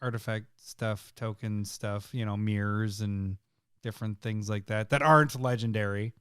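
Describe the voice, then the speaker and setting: A man's voice: lowish voice, fairly even intonation, moderate pace, a bit bright, clear, resonant tone, dry recording, clean studio sound. A man co-hosting a casual card-game chat, laughing often and trailing off mid-sentence. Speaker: podcast co-host.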